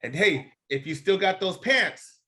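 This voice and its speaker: A man's voice: high voice, lively intonation, a little slow, sharp tone. A man hosting a podcast as a gym coach, talking in an earnest, passionate way that turns emotional. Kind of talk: casual podcast interview.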